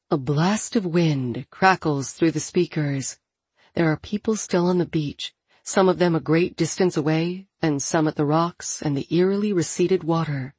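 Husky lady reading a novel aloud, steady, dry close mic. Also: sits low, normal speed, no room sound. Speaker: audiobook narrator. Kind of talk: audiobook narration.

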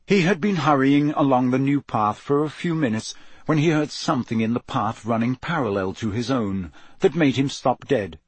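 A man's voice: mid-range voice, lively intonation, moderate pace, husky, dry recording. A man reading an audiobook aloud, with tense, dramatic storytelling. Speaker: narrator.

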